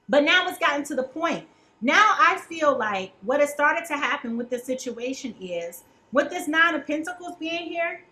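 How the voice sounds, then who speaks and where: A woman's voice: high-pitched, bright, forceful tone, low-quality recording. A woman giving a casual tarot reading, chatty and colloquial, who keeps checking in with "okay?". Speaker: tarot reader.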